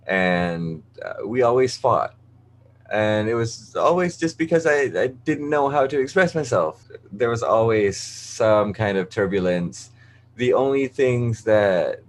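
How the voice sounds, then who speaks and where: A man's voice: low voice, slight background noise. A man, telling his personal story openly, often restarting and swearing casually. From Malaysia. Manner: open, emotional, many restarts, swears casually. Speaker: guest.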